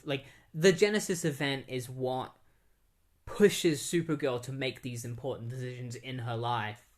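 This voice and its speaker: A young man casually recapping and reviewing a comic book in a rambling, conversational way. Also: mid-range voice.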